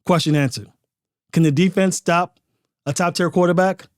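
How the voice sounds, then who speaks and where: A man's voice: high-pitched, fairly even intonation, normal speed, no echo, clean studio sound. A man hosting a sports podcast, giving emphatic, opinionated commentary full of rhetorical questions.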